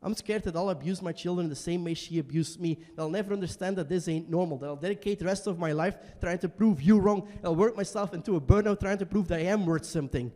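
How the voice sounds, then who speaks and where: A young man performing an emotional solo stage monologue in a small basement venue, swinging between quiet and shouting. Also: high-pitched, quick pace, hardly any pauses, long reverb tail. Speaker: stand-up performer.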